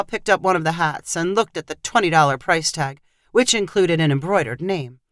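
A woman narrating a short story in a measured, even read. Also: sits low, dry recording, clean studio sound. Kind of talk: scripted narration.

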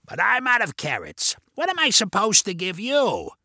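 A raspy, weird Carrot Man with a growl pushed up from deep in the chest, as a storyteller puts him on. He stretches his words out slowly in a sing-song lilt and swings his pitch up high. The sound is dry and close, like a storybook reading. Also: wildly swooping pitch, pushed and bright, no room sound, heavily acted. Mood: teasing. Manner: slow, drawn-out, weird sing-song delivery. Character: raspy goofy male Carrot Man character.

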